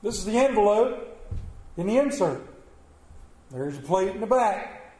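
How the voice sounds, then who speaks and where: Guy making the offering pitch, asks the crowd straight out, echoey church. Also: sing-song, measured pace, dark tone. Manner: direct, questioning the congregation. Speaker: church leader asking for donations.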